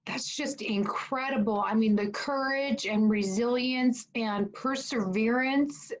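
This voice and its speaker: A woman's voice: on the high side, takes it slowly, rough recording. A woman interviewing a guest over a video call, effusive and affirming, asking questions in a rambling way. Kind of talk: supportive interview talk.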